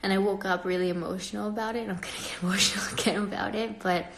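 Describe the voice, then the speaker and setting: A woman's voice: mid-range voice, racing, gravelly, reverberant. A young woman hosting a casual livestream, talking to viewers in a chatty, rambling way with frequent laughs and a slightly stuffy nose. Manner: chatty and rambling, laughs often, gets animated when annoyed. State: pregnant, a bit stuffy-nosed. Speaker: livestream host.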